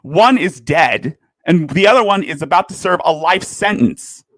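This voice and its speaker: A man's voice: fairly high pitch, expressive, normal speed, fairly bright tone, no echo. A man in a heated, profane commentary rant, lurching between fury and apology. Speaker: livestream commentator. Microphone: desk microphone.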